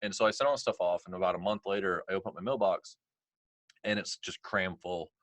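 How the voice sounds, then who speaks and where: A middle-aged man, a podcast guest, telling a personal story in casual talk, animated and full of "like" and acted-out dialogue. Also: low-pitched, fast talker, no room sound. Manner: animated, heavy on "like" and quoted dialogue.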